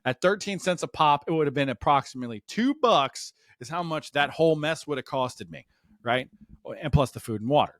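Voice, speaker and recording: A man telling a comic story about his own life, acting out the voices of the people in it with big jumps in pitch. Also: lively intonation, brisk, dry recording, clean studio sound. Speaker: stand-up comedian. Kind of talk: comedic storytelling.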